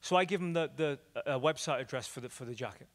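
A man with an Irish accent, an evangelist from Ireland, teaching and telling stories in an animated, repetitive preaching style that rises and drops in loudness. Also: medium pitch, quick pace. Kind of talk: evangelistic teaching talk with storytelling. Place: church hall. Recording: long hall reverb.

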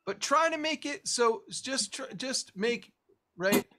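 A man teaching a guitar lesson one-on-one, explaining technique as he demonstrates, swinging between lively stressed phrases and quiet asides. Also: extremely high pitch, takes it slowly. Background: guitar strumming.

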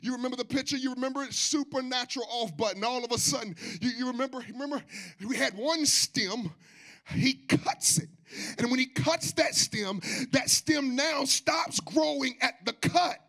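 A man preaching with fervor, his voice very high and sharply bright. He swings from shouted, sing-song bursts down to low murmured asides. This is a pastor in full sermon at a church service. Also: moderate pace, creaky.

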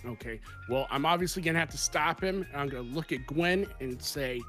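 A man's voice: on the high side, fairly quick, hardly any pauses, a bit bright, faint music behind. A man playing a comedic tabletop game, brash and pushy in character. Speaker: player.

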